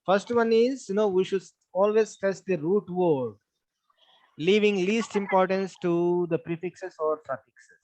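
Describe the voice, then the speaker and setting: A man's voice: sits high, measured pace, darkish tone, dry recording. A man with an Indian English accent teaching an online English class, patiently repeating points and spelling words out letter by letter. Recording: dull lo-fi sound.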